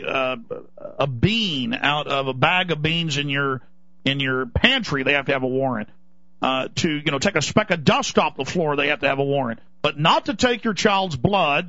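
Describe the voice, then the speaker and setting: A high-pitched, bright-voiced man rants urgently on talk radio, indignant and insistent. The sound is dry and close but muffled and lo-fi, like an old radio broadcast. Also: no room sound. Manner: urgent, indignant ranting with mocking put-on voices. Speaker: radio talk show host.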